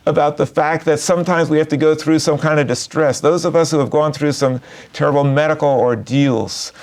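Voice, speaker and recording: A man, a rabbi, giving a gentle, reflective sermon and telling a story. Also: fairly high pitch.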